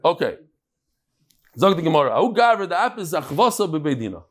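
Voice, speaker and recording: A man's voice: a little high, sing-song, fast. A man giving a casual Talmud class lecture, mixing in Hebrew and Yiddish terms and telling anecdotes. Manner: tells jokes and anecdotes. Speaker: Talmud teacher.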